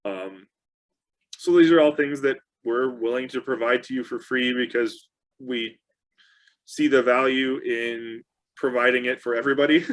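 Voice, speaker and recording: A man co-hosting a casual engineering discussion, relaxed and chatty, with many fillers and restarts. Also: medium pitch, normal speed. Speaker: co-host.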